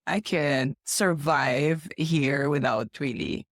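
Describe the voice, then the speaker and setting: A woman's voice: low voice, slow, dry recording, studio quality. A woman from the Philippines co-hosting a casual podcast chat, talking thoughtfully with frequent restarts. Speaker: podcast co-host.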